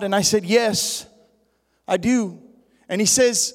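A man's voice: extremely high pitch, steady tone, a little slow, in a large hall. A man preaching a sermon, praying and telling a story, rising at times into a sing-song preaching cadence. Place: church sanctuary.

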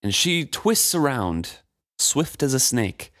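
A man co-hosting a book podcast, reading passages aloud and chatting about them in a measured way. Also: medium pitch, sing-song, a bit bright, no room sound, clean studio sound.

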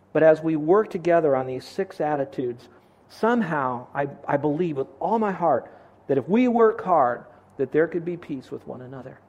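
A man's voice: on the high side, a little mellow. A middle-aged man preaching a sermon as a pastor, earnest and asking his congregation questions.

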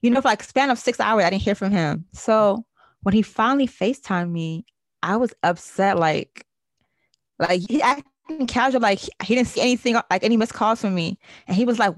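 A woman on a casual podcast, telling a story with animated acted-out quotes and frequent laughs. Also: medium pitch, a little fast, no echo. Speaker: podcast co-host.

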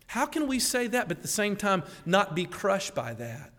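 A man preaching a sermon as a pastor, animated, acting out the voices he quotes and laughing at himself. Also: high voice, brisk, few pauses. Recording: long hall reverb.

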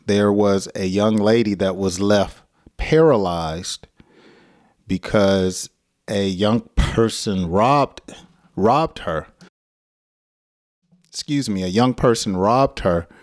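A middle-aged American man with a somewhat low voice gives a casual English lesson, acting out angry example phrases and laughing often. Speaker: English teacher.

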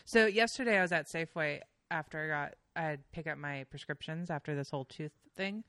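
A woman's voice: low voice, a little fast, fairly bright tone, no echo, clean studio sound. A young adult woman, a podcast guest, telling casual stories full of fillers and swearing. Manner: chatty storyteller with frequent fillers and swearing. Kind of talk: casual chat.

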